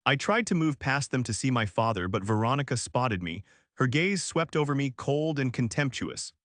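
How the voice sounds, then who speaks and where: A man's voice: mid-range voice, expressive, moderate pace, fairly bright tone, no echo, studio quality. A man giving a scripted first-person narration of a family drama, told in an earnest, dramatic way. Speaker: story narrator.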